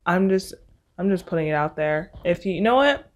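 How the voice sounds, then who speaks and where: A woman's voice: lowish voice, lively intonation, fairly quick. A young woman in college hosting her own podcast, talking to listeners in a chatty, sarcastic way. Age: young adult. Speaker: podcast host. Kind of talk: casual solo podcast chat.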